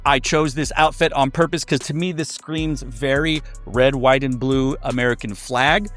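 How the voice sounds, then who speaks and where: A man's voice: medium pitch, steady tone, moderate pace, a bit bright, faint music behind. A man giving a casual sneaker review, chatty and loose, with many fillers and restarts.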